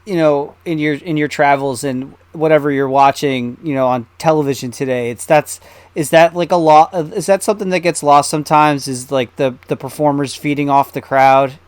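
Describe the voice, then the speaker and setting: A man's voice: a little high, smooth, no echo. Man co-hosting, dry close sound. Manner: halting, rambling questions. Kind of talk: casual interview chat.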